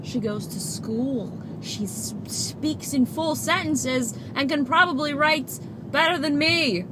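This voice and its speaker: A young woman in her twenties, a vlogger chatting casually and rambling with giggles while she drives. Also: on the high side. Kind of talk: casual vlog chat while driving. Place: inside a car. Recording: road and engine noise.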